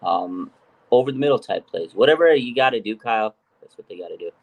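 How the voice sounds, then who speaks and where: A man's voice: lowish voice, expressive, fast talker, gravelly, phone-quality sound. A man hosting a casual sports podcast, rambling through his points with lots of fillers. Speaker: podcast host.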